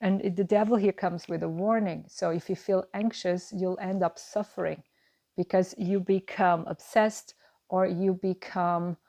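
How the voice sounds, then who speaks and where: A woman's voice: fairly low pitch, fairly even intonation, measured pace, mellow. Woman giving a reassuring tarot reading. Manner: earnest, reassuring, musing with repeated phrases. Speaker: tarot card reader. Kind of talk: tarot reading monologue to camera.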